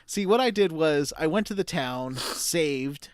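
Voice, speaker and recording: Lively high-voiced man chatting. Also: a little slow, clean tone, no room sound, studio quality. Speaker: podcast co-host. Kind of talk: casual chat.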